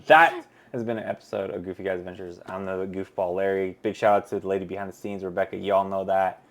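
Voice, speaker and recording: A man hosting a casual theme park chat show, playful and joking. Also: quick pace. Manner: playful, joking, lively pitch. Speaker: host.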